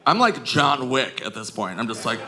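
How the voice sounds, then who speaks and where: A man in his forties doing stand-up, telling stories in an animated way that jumps into loud shouts on a comedy stage. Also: medium pitch, normal speed, faint music behind. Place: comedy stage before a live audience. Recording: live comedy club, audience noise.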